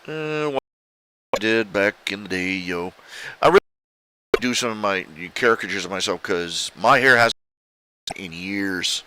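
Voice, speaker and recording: A middle-aged man casually commenting on his artwork, rambling and halting with many fillers. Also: fairly low pitch, background noise. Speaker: artist showing his commissions.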